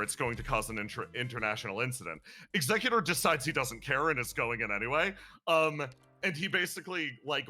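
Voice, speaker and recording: A man chatting casually as a streamer, animatedly retelling a game's story and laughing now and then. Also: medium pitch. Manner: animated, laughs and breaks into playful character voices. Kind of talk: casual chat recapping a game story.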